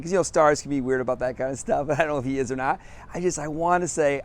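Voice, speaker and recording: A man's voice: a little high, fast talker. Middle-aged man, casual storyteller, self-deprecating, outdoors on a sidewalk. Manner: upbeat, laughs often, self-deprecating. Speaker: business coach.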